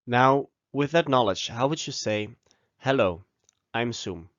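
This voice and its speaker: A man of middle pitch leads a scripted language lesson, pausing so the listener can repeat each phrase. He speaks close to the mic in a dry room. The recording sounds a little dull and muffled. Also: animated, a bit bright, no room sound. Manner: slow, deliberate model pronunciation with pauses for repeating. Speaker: language teacher.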